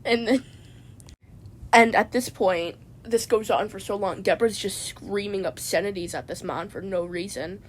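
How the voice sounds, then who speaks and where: A woman vlogger with a mid-range voice, speaking at normal speed, tells a rambling comedic story from inside a parked car. She stammers and tacks "man" onto her sentences.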